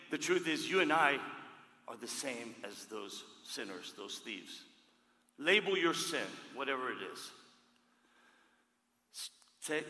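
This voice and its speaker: A man preaching a sermon, emphatic, swinging from loud declarations to hushed words, recorded in a church hall. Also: medium pitch, gravelly. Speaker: pastor. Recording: echoey hall with long reverb.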